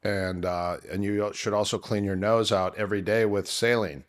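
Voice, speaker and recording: A middle-aged man, an MMA coach, telling long stories in a casual interview, rambling with many fillers and restarts, his voice worn from years of yelling. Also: on the low side, fairly even intonation, normal speed. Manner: rambling anecdotes with many fillers and self-corrections.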